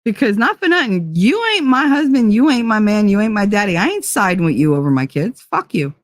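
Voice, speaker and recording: A woman's voice: medium pitch, very animated, a little fast, no room sound. Blunt, foul-mouthed woman telling a story. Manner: swears freely. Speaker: host. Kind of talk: casual chat.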